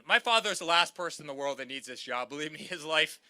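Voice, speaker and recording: A man in his thirties is speaking at a campaign rally, his voice fairly high and sharp. He talks fast with almost no pauses, repeating lines to rally the crowd, whom he calls "guys."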